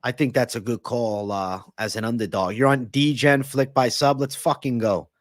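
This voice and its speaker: A man's voice: mid-range voice, fairly even intonation, normal speed, no room sound, clean studio sound. Hyped, foul-mouthed male livestream host. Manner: loose, profane, hyped, reads and answers viewer chat. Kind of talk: live-streamed fight predictions and chat.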